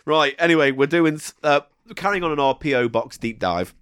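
A man co-hosting a podcast, chatting casually and jumping into high playful sound effects. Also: moderate pace, fairly bright tone, smooth, dry recording, clean studio sound. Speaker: podcast co-host. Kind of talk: casual banter.

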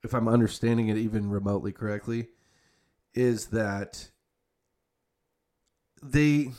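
This young adult podcast host has a lowish, slightly mellow voice and an unhurried delivery. He chats casually, rambling and swearing freely, with many fillers and self-corrections.

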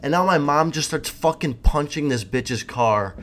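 A man's voice: a little high, expressive, moderate pace, a bit bright, a little hiss or hum. A young man with a casual, profane, rambling storytelling style, hosting his own podcast, full of fillers and swearing.

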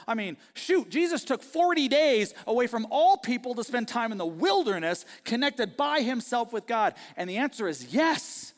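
A man pastor delivering a sermon, moving between loud emphatic preaching and quiet conversational asides. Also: extremely high pitch, very animated, normal speed, long reverb tail. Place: church auditorium.

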